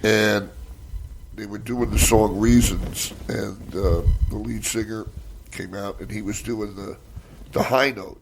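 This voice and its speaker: An older man with a low, gravelly voice talks loosely and at length, full of fillers and cheerful swearing. He sounds relaxed and melted down, and faint noise hums under the recording. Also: slow. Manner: rambling storytelling, frequent swearing and fillers. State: relaxed after a massage. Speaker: stand-up comedian guest. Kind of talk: casual chat.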